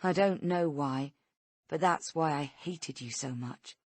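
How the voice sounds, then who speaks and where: A bitter, quietly menacing woman kidnapper, put on by a female narrator, her voice dropped low and slow. She threatens in a soft, dry tone with no room around it. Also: no echo.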